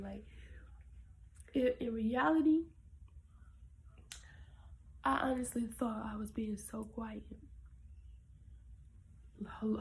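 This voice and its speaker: A woman's voice: a little high, creaky, rough recording. Young woman telling a story, half-whispered. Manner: animated, often dropping to a whisper. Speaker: vlogger. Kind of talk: casual storytime.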